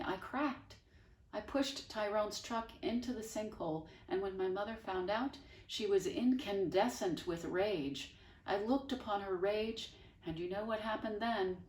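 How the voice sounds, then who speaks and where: A woman's voice: medium pitch, measured pace, a little mellow, pitched above the performer's own voice, lightly acted. A woman reading aloud as a gloomy, formal boy who speaks in long, self-pitying sentences. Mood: aggrieved. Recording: echoey room, voice from far off.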